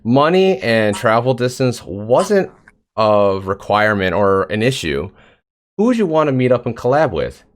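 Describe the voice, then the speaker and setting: Lively, animated male stream host. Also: medium pitch, normal speed. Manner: lively, swears casually, reads out chat. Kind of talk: casual livestream interview.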